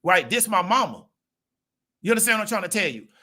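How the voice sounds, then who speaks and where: A man's voice: sits high, big pitch swings, fairly quick, sharp tone. A man, giving a casual monologue to his viewers and checking in with rhetorical questions. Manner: conversational, rhetorical "right?" check-ins. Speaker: channel host.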